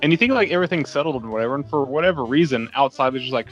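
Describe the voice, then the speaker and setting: A man's voice: mid-range voice, expressive, fairly bright tone, soft background music. Crude-talking man on a dull mic. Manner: blunt, crude reactions and quick asides. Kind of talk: casual film discussion.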